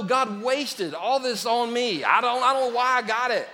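A man preaching a lively sermon as a pastor, joking with his congregation. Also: extremely high pitch, moderate pace, hardly any pauses, big-room sound. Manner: lively, joking with the congregation, calls them "y'all". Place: church sanctuary.

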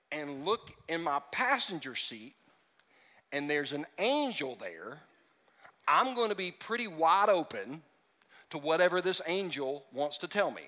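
Joking pastor with a high, bright voice. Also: male voice, big-room sound. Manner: joking asides, acts out voices. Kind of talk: conversational sermon.

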